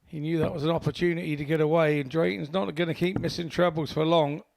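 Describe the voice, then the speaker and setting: A man giving live darts commentary in a gravelly, slightly high voice. His delivery is dry and matter-of-fact, broken by the odd wry aside. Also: steady tone, fast talker, noisy background.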